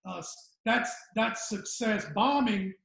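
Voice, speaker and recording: A man's voice: high voice, takes it slowly, creaky, fairly bright tone. A man, a guest comedian telling rambling stories in casual podcast chat. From Southern United States. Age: 60s. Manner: rambling storyteller, trails off. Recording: echoey room.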